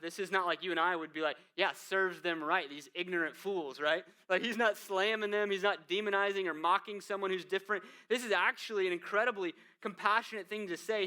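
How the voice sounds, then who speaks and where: An American pastor preaches a sermon casually, throwing asides to the congregation and tags like "man" and "right?". His smooth, crisp voice has a bright, forceful edge, and his delivery swings between hushed, low passages and emphatic peaks.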